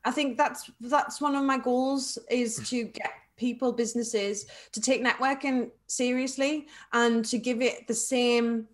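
A woman with a Liverpool accent chats as an interview guest about her work training people in networking. She speaks in a fairly high voice, lively and quick to laugh. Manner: lively, chatty, laughs often. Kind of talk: casual interview chat.

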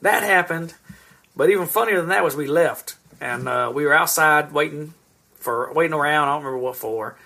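This man's voice is fairly high, brisk and bright, with a forceful tone. He's in his thirties and co-hosts a podcast, where he tells long, winding stories in casual conversation and curses a lot.

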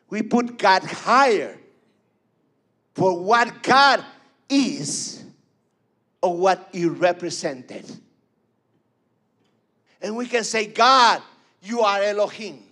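A man's voice: high voice, animated, slow pace, long pauses, pushed and bright. A man preaching a fervent sermon, repeating phrases and calling for responses.

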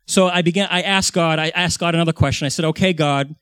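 A man's voice: on the high side, fairly even intonation, quick pace, a bit bright, smooth, dry recording, clean studio sound. A man in his forties preaching earnestly, recounting a vision and his prayers, often restarting and repeating words. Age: 40s. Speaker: pastor.

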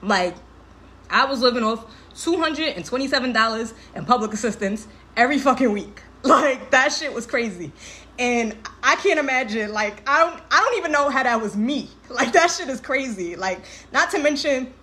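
A young woman in her twenties hosts a casual livestream, speaking candidly and emotionally, laughing a lot and swearing freely in heavy slang while tearful. Her voice is on the high side, bright and forceful, with lively intonation and a moderate pace.

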